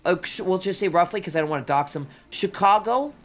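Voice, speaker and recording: A streamer chatting casually and excitedly to viewers, rambling between thoughts and often exclaiming. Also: medium pitch, fast talker. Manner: excitable, rambling, says "dude" and "oh my God" often. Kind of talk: casual livestream chat.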